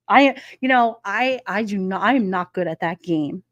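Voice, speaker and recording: A woman's voice: mid-range voice, animated, normal speed, no echo, dull audio. A woman hosting a livestream, rambling through casual anecdotes for her chat and laughing often. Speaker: livestream host. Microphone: streaming microphone.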